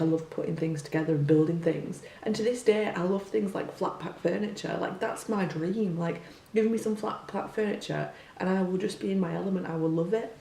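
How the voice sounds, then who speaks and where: Speaking casually and leaning on lots of filler words and rhetorical questions, this young teacher rambles through her opinions. Her tone is darkish and on the low side, with vocal fry. It's recorded from a distant mic in a room that echoes, with a faint hum underneath.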